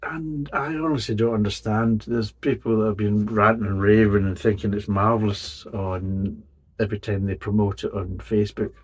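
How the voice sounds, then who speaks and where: A man's voice: fairly low pitch, fairly even intonation, moderate pace, husky. A man, hosting a casual beer review and talking bluntly, swearing and rambling as he goes.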